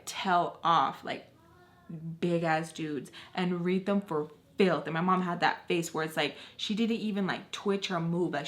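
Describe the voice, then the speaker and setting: A young adult woman telling a personal story on her vlog, casual and profane, with constant filler words and emphatic asides. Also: lowish voice. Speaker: storytime vlogger.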